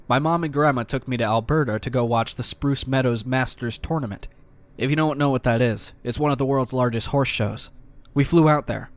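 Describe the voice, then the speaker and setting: A man giving scripted narration of reader stories in an even, measured delivery. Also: mid-range voice.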